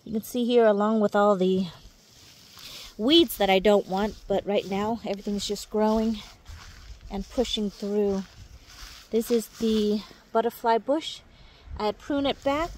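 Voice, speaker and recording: A woman with a slightly high voice gives a relaxed outdoor tour of her backyard garden, pointing out plants as she walks. She talks in a friendly, chatty way straight to her viewers, like a casual home vlog. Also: slight background noise. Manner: chatty, warm toward viewers, coos baby talk at her dogs. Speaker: gardening vlogger.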